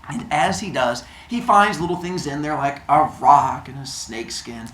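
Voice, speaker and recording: A man's voice: fairly high pitch, a little slow, a bit bright, a little hiss or hum. A man hosting a show, retelling myths comically with goofy sound effects and silly noises. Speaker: storyteller host. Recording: roomy echo.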